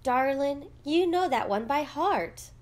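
A woman's voice: high-pitched, lively intonation, slow pace, darkish tone, pitched above the performer's own voice. A fond, affectionate father, read by a woman. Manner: fond and storytelling. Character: affectionate immigrant father, warm storyteller.

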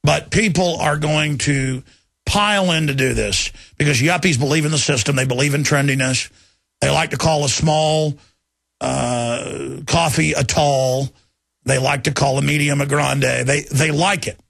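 A man in his thirties with a Texan accent, hosting a talk radio call-in show and talking in a combative, rapid way that repeats itself. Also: a little high, steady tone, gravelly, a bit bright, no echo. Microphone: studio microphone.

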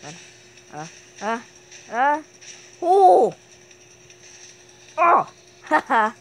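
A woman hosting casual gameplay commentary, talking to herself while she plays and bursting into excited shrieks and yelps. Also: medium pitch, measured pace, a little hiss or hum. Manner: talks to herself while playing. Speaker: gaming channel host.

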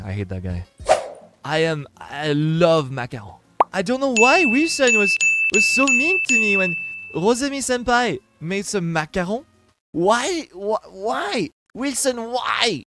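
A man's voice: a little high, animated, slow, over loud music. A man streaming as a teammate, playing a childish young man who stammers and repeats words. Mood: indignant. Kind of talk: live-stream impression of a teammate.

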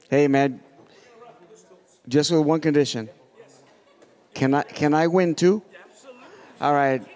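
A man's voice: a little high, creaky, darkish tone, big-room sound. A man ad-libbing on stage before a raffle, joking and self-deprecating. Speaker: raffle host. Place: hotel ballroom.

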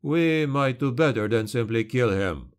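A man's voice: mid-range voice, lively intonation, clear, resonant tone, close to an everyday voice. A man voicing a hissing, sinister shadow creature. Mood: cold menace. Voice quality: hissing, slow and deliberate. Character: sly sinister male shadow creature, calm.

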